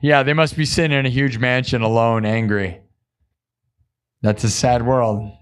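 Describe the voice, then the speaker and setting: A man's voice: mid-range voice, fairly even intonation, normal speed, smooth. A man hosting a live music stream, chatting casually with viewers, laughing often and acting out quotes.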